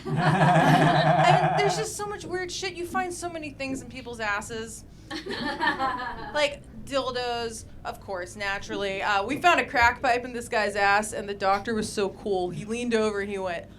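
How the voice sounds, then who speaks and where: A woman doing a stand-up comedy set on a club stage, telling crude deadpan stories with a lot of swearing, into a handheld mic. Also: fairly high pitch, measured pace, pauses often, crowd noise.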